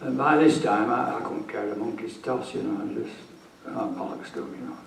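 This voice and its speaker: A man's voice: lowish voice, brisk, creaky, slight background noise. An older man, a retired police officer telling his story at a conference, blunt and swearing freely. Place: conference hall. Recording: echoey room, mic far off.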